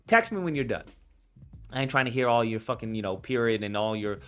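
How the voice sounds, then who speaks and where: Animated, cursing man riffing on clips. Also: mid-range voice, fairly quick, soft background music. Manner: animated, profane, acts out quoted voices. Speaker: commentator reacting to clips. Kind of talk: casual reaction commentary.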